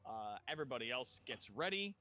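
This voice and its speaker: Lively man narrating as game master. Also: mid-range voice, fairly quick. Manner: loose, chatty narration with many fillers.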